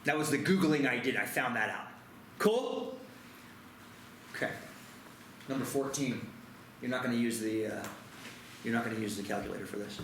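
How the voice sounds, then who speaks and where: A man's voice: mid-range voice, normal speed, long pauses, fairly bright tone, slight background noise. A man teaching a math class, joking and poking fun at himself as he works through problems with students. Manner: joking, self-deprecating. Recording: echoey classroom.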